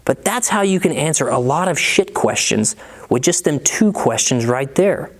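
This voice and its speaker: A man's voice: fairly high pitch, animated, normal speed. A man coaching car salespeople in a blunt, profane, casual way, acting out both sides of sales talk.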